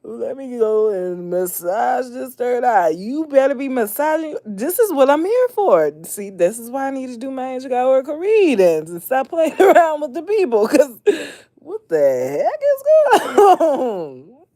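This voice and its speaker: A mother hosting a casual late-night livestream, expressive and laughing often, swinging between loud outbursts and hushed talk. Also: high voice, normal speed, hardly any pauses, dry recording, studio quality. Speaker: livestream host.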